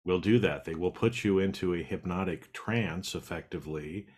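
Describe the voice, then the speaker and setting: A man's voice: low-pitched, moderate pace, slightly rough. A man hosting a casual talk show who explains emphatically to his listeners and swears now and then. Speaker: podcast host, hypnotist. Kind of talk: casual conversation.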